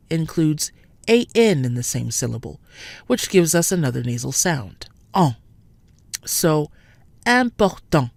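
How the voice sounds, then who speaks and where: A woman with a low voice narrates a scripted French pronunciation lesson, speaking clearly and slowing down to model each sound. There's no echo.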